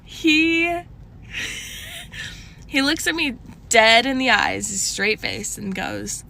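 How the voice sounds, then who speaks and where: Bright, slow-talking young woman telling a story. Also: vocal fry. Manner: chatty, full of likes and restarts; animated, shifting pitch often. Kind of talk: casual storytime chat.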